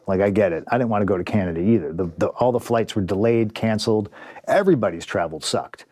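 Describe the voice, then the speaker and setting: Fast and expressive, this pro wrestler's fairly low, mellow voice carries a blunt, frustrated, profane story as an interview guest, with him performing the lines people said. There's no echo on the recording.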